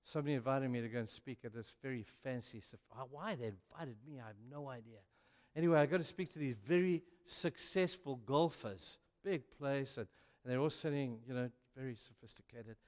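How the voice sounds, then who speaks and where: Speaking fairly quickly with few pauses at medium pitch, an older man tells stories from the pulpit. He acts out the dialogue with increasing energy and a rising voice, echoed by long hall reverb.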